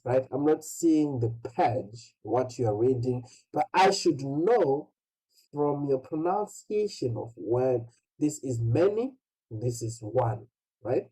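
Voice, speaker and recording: English tutor, one-on-one lesson, patient, keeps asking "right?", unhurried, soft warm tone. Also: medium pitch, low-quality recording. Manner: patient, repeatedly checks with "right?". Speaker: English pronunciation teacher.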